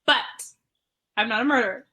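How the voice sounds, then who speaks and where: Woman player, high and bright, giggly, rambling, in and out of character. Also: fairly quick. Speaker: tabletop game player. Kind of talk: casual tabletop role-play.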